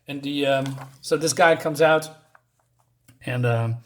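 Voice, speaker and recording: A man's voice: mid-range voice, takes it slowly, slight background noise. A man casually reviewing a comic book, chatty and chuckling at his own jokes, with lots of fillers.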